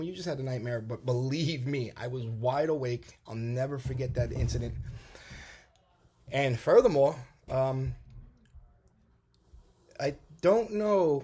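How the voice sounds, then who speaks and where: Male vlogger, casual testimony, mid-pitched voice, animated and halting with restarts. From New York, USA. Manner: animated storytelling with many restarts and fillers. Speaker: vlogger telling a personal testimony.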